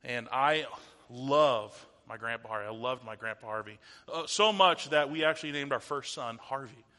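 A man's voice: mid-range voice, normal speed. Man preaching in a reverberant church hall. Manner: conversational, animated, asks the audience rhetorical questions. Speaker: pastor. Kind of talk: sermon.

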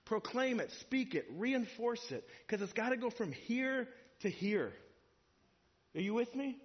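A man's voice: extremely high pitch, expressive, measured pace, muffled recording. A man preaching a sermon in a church, in a conversational way that builds to emphatic points. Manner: conversational, rising to emphatic, acts out imagined speakers.

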